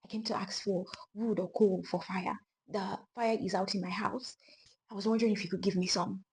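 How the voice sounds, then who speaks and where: A woman's voice: mid-range voice, fast, lightly acted. A woman putting on a timid, frightened young girl. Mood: pleading. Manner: soft, hushed pleading.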